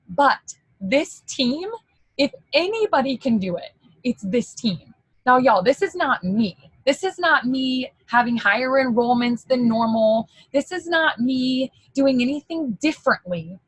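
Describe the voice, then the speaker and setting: A woman leading a sales team, giving a casual, emotional pep talk full of "like" and excited asides. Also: mid-range voice, slightly rough, no echo, rough recording. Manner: casual, chatty, mild swearing.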